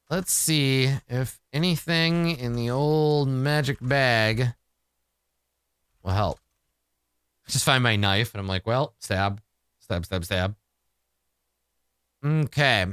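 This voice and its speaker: A man's voice: mid-range voice, fairly bright tone, clean tone, no room sound, studio quality. A man playing a solo tabletop role-playing game, thinking aloud about his rolls, self-mocking and exasperated, with casual swearing.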